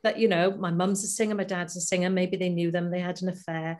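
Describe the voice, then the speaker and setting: A middle-aged woman, a stage performer, telling lively anecdotes in a casual interview over a video call. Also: lowish voice, fast talker, crowd noise. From Wales. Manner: animated, laughing anecdotes with acted-out quotes. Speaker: guest performer.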